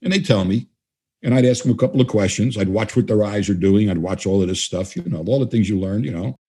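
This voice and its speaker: Husky, low-voiced man telling stories. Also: quick pace. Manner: animated, acts out both sides of dialogues. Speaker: guest trainer. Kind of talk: storytelling interview answers.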